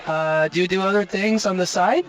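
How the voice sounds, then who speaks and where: A man putting on a halting French Canadian interviewer. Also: high-pitched, crowd noise, natural voice, low-quality recording. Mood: chatty. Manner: halting, full of filler sounds and restarts. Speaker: podcast host. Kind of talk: comic on-the-road interview. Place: restaurant.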